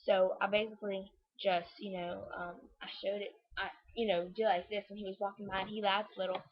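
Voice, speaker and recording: A woman's voice: mid-range voice, flat delivery, a little fast. Gushing teenage girl from Louisiana. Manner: gushing, rambling, full of "like" and "oh my God". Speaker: vlogger. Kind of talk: excited storytelling vlog. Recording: dull lo-fi webcam audio.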